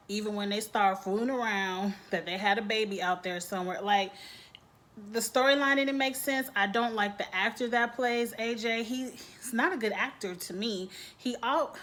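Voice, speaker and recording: A woman giving a casual, opinionated vlog review of a TV episode, with animated asides. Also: medium pitch. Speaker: TV show reviewer. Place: home, grass being mowed outside.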